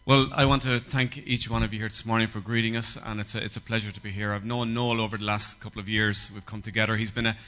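A man's voice: lowish voice, pushed and bright. An Irish man, a guest pastor, giving an earnest, hesitant greeting to a congregation. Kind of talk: church greeting.

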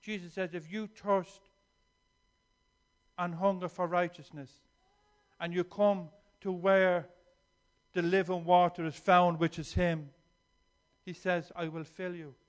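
A man preaching a sermon in an earnest way, swinging between quiet reflection and emphatic declarations, often repeating words as he goes. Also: sits high, little pitch movement, slow pace, pauses often.

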